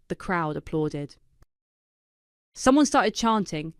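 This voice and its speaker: A woman reading a first-person drama story in a dry, knowing, quietly vindictive manner. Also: lowish voice, normal speed, clean tone, no room sound. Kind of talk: scripted first-person narration.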